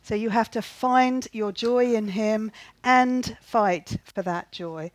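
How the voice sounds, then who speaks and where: Woman preacher, earnest sermon, fairly high voice, repeats key phrases, asks listeners questions, dry close sound. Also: slow, no room sound, rough recording.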